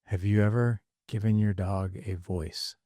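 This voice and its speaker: A middle-aged male podcast host chats casually with his son, circling back and restarting his sentences as he goes. His voice sits low and even. The recording is close and dry. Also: unhurried, dry recording. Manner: rambling, self-correcting, laughing often.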